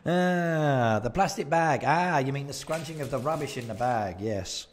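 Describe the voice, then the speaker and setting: A man with a medium-pitched voice and a measured pace chats on a live game stream from home in Japan, responding to viewers' comments and often laughing into his desk microphone. Slight background noise can be heard.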